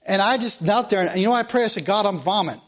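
A man's voice: high voice, very fast, fairly bright tone. A man preaching a sermon, reading scripture emphatically and speaking earnestly to his congregation, with some restarts. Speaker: pastor.

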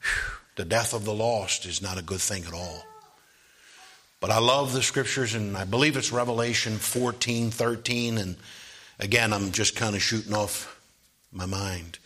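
A man preaching a sermon, moving from quiet asides to loud, rising preaching and asking "Amen?". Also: fairly low pitch, moderate pace, breathy edge.

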